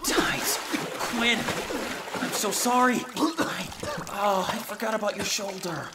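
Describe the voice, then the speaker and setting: A man's voice: high-pitched, slow, heavy background noise. A man voicing a remorseful male otter who sincerely apologizes to a friend, in an audio drama. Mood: apologetic. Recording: loud splashing water behind.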